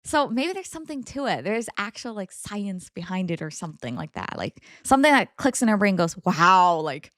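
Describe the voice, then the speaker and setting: A woman co-hosting a casual story-discussion podcast with her partner, chatty and animated, laughing often. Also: mid-range voice, brisk, few pauses, no echo, clean studio sound. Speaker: co-host reading Reddit stories.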